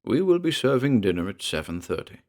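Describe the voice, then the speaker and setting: A man's voice: mid-range voice, big pitch swings, brisk, darkish tone, lightly acted. A man voicing a formal, discreet male servant announcing dinner. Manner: stiff, polite, formal.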